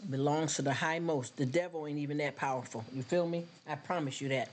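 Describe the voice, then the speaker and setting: A man's voice: fairly high pitch, a little fast. Earnest man preaching to his stream. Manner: preachy, earnest, addresses viewers directly. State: emotional, choked up. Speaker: live stream host. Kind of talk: casual faith talk with live chat.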